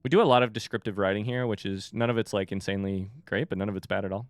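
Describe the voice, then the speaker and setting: A man's voice: lowish voice, fairly even intonation, very fast, no echo. A young man casually chatting and joking while playing through a game. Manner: chatty, joking, yelps when startled. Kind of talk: casual gameplay commentary.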